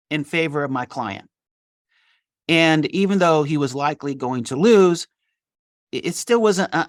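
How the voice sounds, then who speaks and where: Animated male litigation attorney. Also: fairly high pitch, no room sound, studio quality. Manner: animated, acts out quoted dialogue. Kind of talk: interview storytelling.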